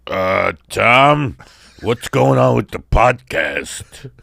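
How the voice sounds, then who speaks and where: Gravelly sardonic older man hosting. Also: extremely slow, no room sound, studio quality. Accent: New York. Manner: gravelly, lively, sardonic riffing with sudden high put-on voices. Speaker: podcast host. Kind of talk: comedic casual chat.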